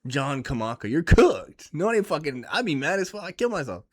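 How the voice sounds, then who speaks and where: A man giving casual, profane and excitable vlog commentary on fight picks, rambling as he goes. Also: on the high side, a little fast. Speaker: MMA fight picks YouTuber.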